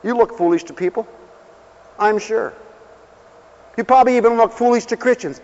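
An older man preaching a folksy, humorous sermon, swinging from quiet asides to loud exclamations. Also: extremely high pitch, normal speed, long pauses. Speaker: pastor. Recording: dull lo-fi sound with long hall reverb.

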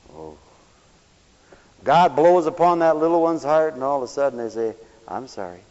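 A male preacher giving a sermon for radio, animated and swinging from loud exclamations to hushed tones. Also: a little high, unhurried, pauses often, clean tone. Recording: dull, echoey church recording.

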